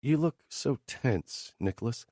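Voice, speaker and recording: A man's voice: expressive, unhurried, warm tone, no echo, studio quality. A man voicing a pushy, flirtatious female employee with a coy, wheedling delivery. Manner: coy, wheedling, raised pitch.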